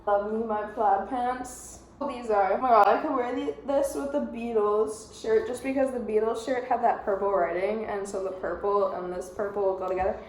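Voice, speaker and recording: A woman's voice: medium pitch, steady tone, moderate pace, hardly any pauses, darkish tone, echoey room, slight background noise, poor audio. A young woman chatting casually as she unboxes clothes, bubbly and playful, sometimes teasing her cat. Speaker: fashion vlogger.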